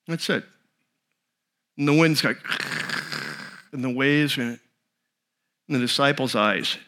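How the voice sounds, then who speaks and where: A man preaching a sermon, telling a story in an animated, conversational way with frequent restarts. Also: mid-range voice, slow pace. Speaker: pastor.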